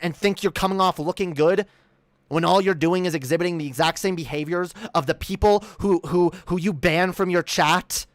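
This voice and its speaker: A woman's voice: lowish voice, no echo, studio quality. A woman ranting in a commentary video, stammering and repeating words, swearing and indignant. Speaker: commentary streamer. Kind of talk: heated commentary rant.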